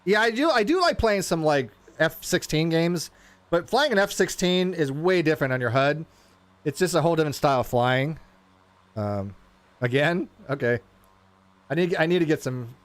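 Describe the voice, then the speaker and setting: A man streaming a flight simulator, talking casually and rambling as he flies, often stumbling over his words and getting excited. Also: on the high side, normal speed. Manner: rambling, self-interrupting, excitable. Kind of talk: casual live gameplay commentary.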